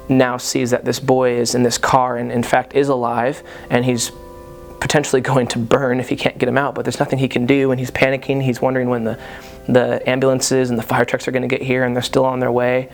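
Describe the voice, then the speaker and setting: Man, testimony speaker: raspy, low-key, hesitant storytelling with little pitch movement. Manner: hesitant, full of pauses and fillers. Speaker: speaker telling his survival story.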